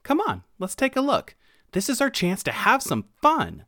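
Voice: medium pitch, moderate pace, no room sound, clean studio sound, voice pushed up, exaggerated voice. A storyteller voicing an eager, adventurous young female mouse in a children's storybook. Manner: excited, bossy.

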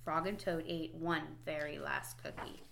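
A woman reading children's stories aloud in a slow, expressive, clearly paced way. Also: sits low. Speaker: storybook reader. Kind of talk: children's story read-aloud.

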